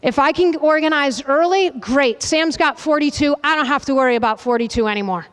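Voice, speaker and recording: A woman soccer coach leading a goalkeeping demonstration with players, brisk and directive, checking in with a constant "okay?" and loudly calling out commands. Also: sits high. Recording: reverberant hall, voice from a distance.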